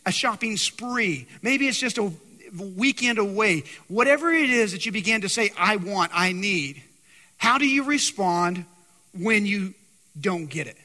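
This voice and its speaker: A man preaching a sermon who keeps putting questions to his congregation in an animated way. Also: sits high, normal speed. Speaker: pastor. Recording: long hall reverb.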